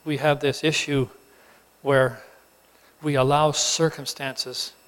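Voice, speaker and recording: A man preaching a sermon, telling the story with animated emphasis and acting out the characters. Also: medium pitch, takes it slowly. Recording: long hall reverb.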